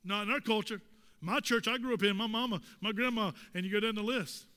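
A man's voice: high voice, a little fast, sharp tone, smooth, in a large hall. A male pastor preaching a sermon, asking the congregation pointed rhetorical questions with emphatic delivery. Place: church sanctuary.

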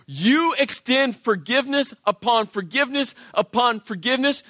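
A male pastor preaching a sermon in an animated way, acting out the voices of biblical characters. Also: very high-pitched, normal speed, dry recording, clean studio sound.

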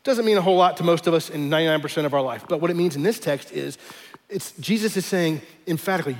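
Man preaching, light high voice, casual teaching tone that slows to hammer key words, long hall reverb. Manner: conversational teaching with emphatic slowed stresses. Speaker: pastor. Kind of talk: sermon.

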